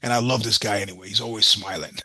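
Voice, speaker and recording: A man's voice: on the low side, fairly even intonation, fast talker, pushed and bright, slightly rough, no room sound. Blunt, profane middle-aged man telling stories. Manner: blunt, profane storyteller acting out dialogue. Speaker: podcast guest, musician. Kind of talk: casual storytelling interview.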